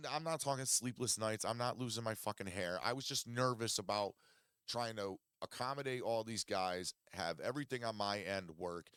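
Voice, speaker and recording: A man's voice: fairly low pitch, fairly bright tone, clear, resonant tone, no echo, clean studio sound. A man hosting a podcast from his basement, telling a rambling, profanity-heavy story in casual chat. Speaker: podcast host. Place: home basement studio.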